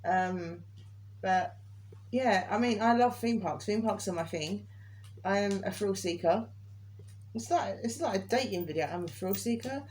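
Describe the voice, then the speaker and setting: Chatty woman vlogger with a mid-pitched voice and light noise behind her. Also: a little slow, a little mellow. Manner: chatty, laughs often, quotes others in raised voice. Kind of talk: casual chat.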